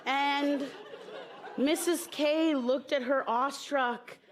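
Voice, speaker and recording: A woman performing improvised comedy on stage, telling a story in a chatty, playful way. Her voice sits high and she takes an unhurried pace, leaning often on "like" fillers. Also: steady tone.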